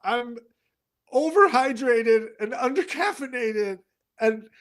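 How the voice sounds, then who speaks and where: A man voicing an aggrieved lone astronaut in an improvised comedy scene, complaining in a low, halting voice. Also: lively intonation, background noise, full character voice.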